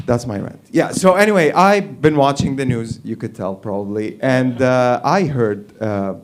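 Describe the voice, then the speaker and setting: A man with a middle-pitched voice performs a stand-up rant on a live stage. He swears freely, gets animated and laughs along with his own jokes. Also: a little slow. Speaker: stand-up comic.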